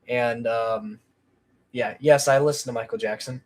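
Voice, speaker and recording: A man's voice: medium pitch, fairly even intonation, moderate pace. A man chatting on a casual livestream about his channel, rambling with lots of ums and restarts. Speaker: channel creator.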